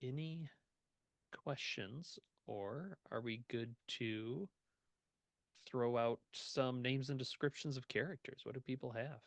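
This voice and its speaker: A man acts as game master for a tabletop game, keeping things loose and laughing readily. His voice sits in an ordinary middle pitch. The sound is dry and close, with no room around it. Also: takes it slowly, vocal fry, no echo. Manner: laughs often, relaxed and joking. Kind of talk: running a tabletop game over voice chat.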